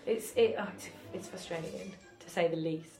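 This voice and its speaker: A woman's voice: on the low side, normal speed, darkish tone, reverberant, soft background music. A woman co-hosting a casual film chat, chatty and opinionated, often laughing. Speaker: film podcast co-host.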